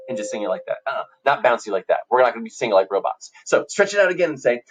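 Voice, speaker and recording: An upbeat man leads a classroom music lesson, his pitch rising and dipping as he coaches. He sings short examples, and faint music plays beneath him. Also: very animated, racing, hardly any pauses, husky, dull audio. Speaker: elementary music teacher.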